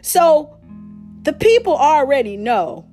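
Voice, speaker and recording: Animated woman teaching scripture. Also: sits high, slow pace, soft background music. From Detroit, USA. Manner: animated, laughing, slangy storytelling. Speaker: podcast host. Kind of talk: casual Bible teaching.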